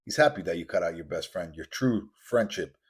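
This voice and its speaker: A podcast host with a deep, slightly rough voice speaks briskly and expressively. His motivational monologue is intense and preachy, with much repetition and acted-out quoted voices.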